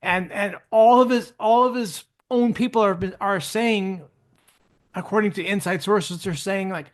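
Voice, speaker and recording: A man with a notably high voice talks politics in a casual podcast conversation. He is relaxed and repeats himself for emphasis. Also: measured pace. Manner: political commentary, relaxed and repetitive.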